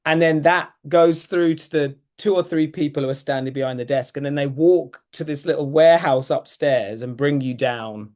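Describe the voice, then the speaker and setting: A man co-hosting a podcast, talking in a measured, thoughtful, mild way. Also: fairly high pitch, steady tone, darkish tone. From Britain. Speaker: podcast co-host. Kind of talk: casual podcast chat.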